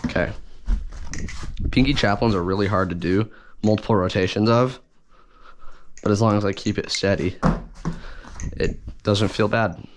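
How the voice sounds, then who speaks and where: Low-voiced guy rambling thru a knife review, faint clicking behind. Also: steady tone, moderate pace, long pauses, background noise. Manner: rambling, self-correcting, enthusiastic. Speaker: balisong reviewer. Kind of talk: casual unboxing and review vlog.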